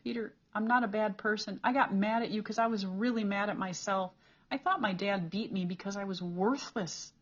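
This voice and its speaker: A woman's voice: medium pitch, moderate pace, muffled recording, natural voice. A woman reading the lines of a troubled, remorseful teenage boy in an audiobook, pleading and earnest.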